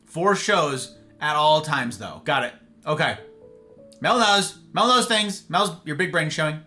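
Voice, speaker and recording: A man's voice: a little high, expressive, measured pace, bright, forceful tone. A man hosting a casual livestream, rambling animatedly to his viewers and acting out little snippets of conversation. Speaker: livestream host. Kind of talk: casual chat with live viewers. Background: faint guitar music.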